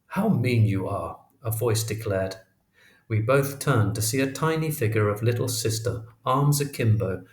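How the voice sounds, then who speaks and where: A man narrating a memoir audiobook in a measured, expressive storytelling manner. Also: on the low side. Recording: roomy echo.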